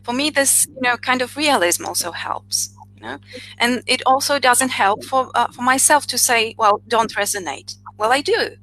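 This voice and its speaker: Over a video call with poor audio, a woman in her thirties, a psychologist with a Polish accent, hosts an interview in casual conversation. Her voice is a little high and fairly bright at normal speed, and she hesitates with frequent "uh" and "you know".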